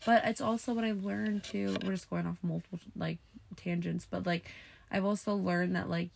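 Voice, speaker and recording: A woman's voice: on the low side, fairly even intonation, moderate pace, gravelly, a little mellow, slight background noise. A young woman co-hosting a podcast in casual chat, talking loosely with lots of "like", recorded on a clip-on mic in a closet. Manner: chatty, filler-heavy with lots of "like". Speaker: podcast co-host. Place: walk-in closet with comforter and pillows.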